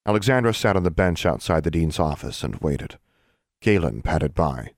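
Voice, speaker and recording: Casting: deep-voiced man, steady storybook narrator, dry close recording. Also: normal speed, dry recording. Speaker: audiobook narrator. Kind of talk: scripted narration.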